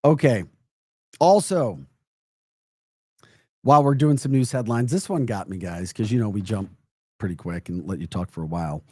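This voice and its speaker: A man's voice: on the low side, animated, normal speed, pauses often, warm tone, dry recording, studio quality. A man hosting a live political podcast, emphatic and mocking, often breaking into laughter while reacting to chat comments. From United States. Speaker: podcast host.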